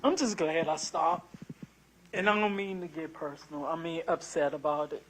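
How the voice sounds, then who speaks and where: Older woman answering questions in court, low-pitched voice, soft and kind of apologetic. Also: normal speed, a little hiss or hum. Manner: soft-spoken, earnest and apologetic. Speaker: prospective juror. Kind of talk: answering jury selection questions.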